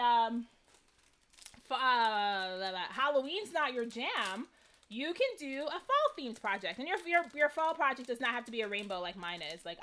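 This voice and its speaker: A woman hosting a live crafting stream, chatting casually and animatedly to her viewers. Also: high-pitched. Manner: chatty and animated, many fillers. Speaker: craft livestream host.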